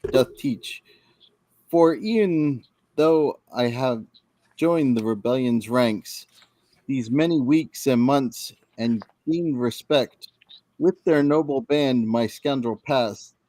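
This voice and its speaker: A man's voice: medium pitch, darkish tone, dry recording, close to an everyday voice. A man reading a roguish male space smuggler in Shakespearean-style verse.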